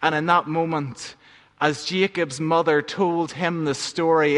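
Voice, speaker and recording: A pastor telling a gentle story in a sermon, letting line endings fall soft. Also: male voice, medium pitch, in a large hall.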